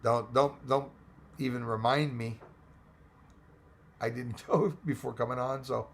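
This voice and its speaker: A man hosting a casual livestream, reading out chat names and greetings, his voice going hoarse and rambling between English, French and Spanish. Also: medium pitch, steady tone, measured pace, slight background noise. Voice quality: gravelly, hoarse voice. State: losing his voice.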